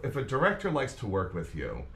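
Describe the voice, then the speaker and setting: A man, a guest on a live web talk show, chatting in a lively way and laughing often. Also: medium pitch, brisk, roomy sound, a little hiss or hum. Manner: lively, laughing, talks over the host. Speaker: guest actor and singer. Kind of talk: casual chat.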